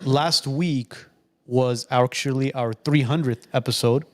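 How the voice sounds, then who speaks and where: A man's voice: mid-range voice, fairly even intonation, a little slow, darkish tone. A man in his late thirties, co-hosting a podcast and telling stories in a chatty way with many restarts. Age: 30s. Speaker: podcast co-host. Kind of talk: casual chat.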